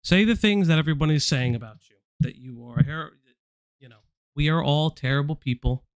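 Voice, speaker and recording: A man's voice: on the high side, a little fast, smooth. Blunt man calling someone out. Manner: blunt and confrontational, addressing someone directly. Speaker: stream host. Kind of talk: casual live-stream commentary.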